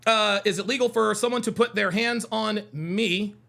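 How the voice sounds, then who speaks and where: A man's voice: high-pitched, normal speed, gravelly, bright, forceful tone. A man hosting a heated livestream, reading out chat comments and arguing with them in a combative, mocking way, repeating his points.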